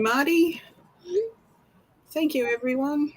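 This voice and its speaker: An Australian woman hosting a casual livestream, excitable and breathless with frequent sighs. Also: mid-range voice, slow, breathy edge, low-quality recording. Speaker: livestream host.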